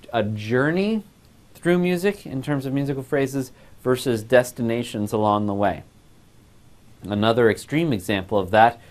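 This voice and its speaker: A man teaching a voice class, explaining phrasing and breaking into short sung examples. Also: medium pitch. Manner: explains clearly, sings short demonstration phrases. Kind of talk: recorded music lesson.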